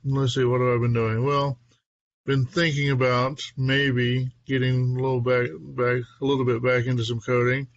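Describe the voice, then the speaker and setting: A man's voice: mid-range voice, level tone, moderate pace, dry recording, highs cut off. A man hosting a casual podcast chat, upbeat and chatty, often breaking into little laughs. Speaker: podcast host.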